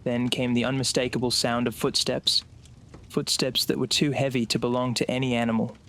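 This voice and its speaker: A man narrating a scripted horror story in a slow, suspenseful way. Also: mid-range voice, flat delivery, a bit bright.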